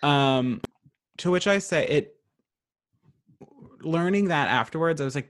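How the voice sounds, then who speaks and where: A young man from Virginia co-hosting a casual podcast chat, making sarcastic, quick comic asides. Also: fairly high pitch, expressive. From Virginia, USA. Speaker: podcast co-host.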